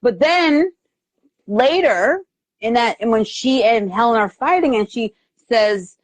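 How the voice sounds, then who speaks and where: A woman hosting a casual live movie review chat, animated and quick to laugh, acting out lines from scenes as she retells them. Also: on the high side, no room sound. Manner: animated, quotes lines in put-on voices, lots of laughter. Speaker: host. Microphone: live video stream.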